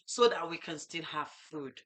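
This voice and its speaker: A middle-aged Nigerian woman hosting a farm talk show, telling lively stories and acting out market exchanges. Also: deep voice, measured pace, a crowd in the background. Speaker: farm host. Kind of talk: casual chat.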